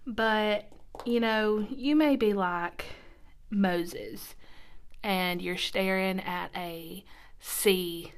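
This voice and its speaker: A woman hosting a casual devotional podcast, chatty and upbeat, often dropping to a soft whisper, recorded in a quiet church nursing room. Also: mid-range voice, very slow, clear, resonant tone. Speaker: podcast host.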